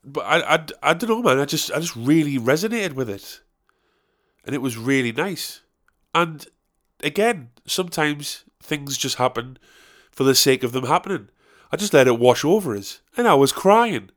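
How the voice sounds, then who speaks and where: A man's voice: fairly high pitch, animated, moderate pace, fairly bright tone. A man, talking alone in a rambling, chatty and self-mocking way with some swearing. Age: 30s. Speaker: comedian and musician. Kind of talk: casual solo monologue.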